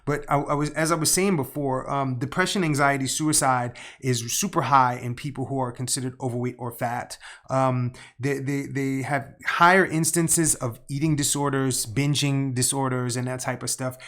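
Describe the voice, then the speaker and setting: A man's voice: medium pitch, fairly even intonation, normal speed, hardly any pauses, a bit bright. A man co-hosting a podcast, a healthcare professional, talking heatedly with many stumbling restarts and some swearing. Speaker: podcast co-host. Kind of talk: casual podcast discussion.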